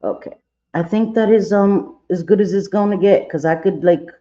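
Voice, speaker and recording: A fairly high-pitched man talks his way through a makeup tutorial on a livestream, chatty and playful, fussing at his own eye. His voice is soft and mellow, and the sound is dull and lo-fi. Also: moderate pace. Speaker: makeup vlogger.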